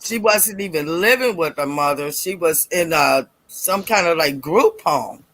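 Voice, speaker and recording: A middle-aged woman telling a personal story in a casual, animated way, acting out voices and laughing as she goes. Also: on the low side, a little slow, no room sound. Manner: animated, acts out quoted voices, laughs often.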